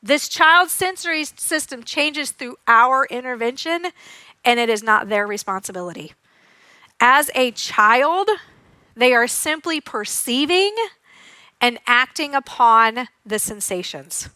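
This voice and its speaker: High, bright-voiced energetic woman teacher. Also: a little slow, no echo. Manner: energetic and demonstrative, acting out sounds and voices; giggles often while teaching. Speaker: occupational therapist giving a conference talk. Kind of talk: live conference presentation.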